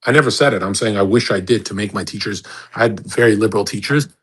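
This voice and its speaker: A man hosting a live audio chat, ranting in a brash, profane way and swinging between loud outbursts and low mutters. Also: fast, slightly rough. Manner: mocks people in put-on voices.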